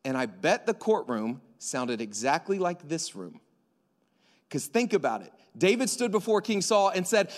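A man preaching a sermon to a church congregation, animated and joking, acting out dialogue in slang. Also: on the high side, normal speed. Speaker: pastor. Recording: long hall reverb.

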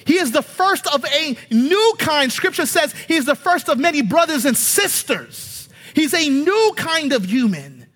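A man preaching a sermon, animated and emphatic, asking rhetorical questions and swinging between loud and hushed passages. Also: very high voice, measured pace, few pauses, big-room sound.

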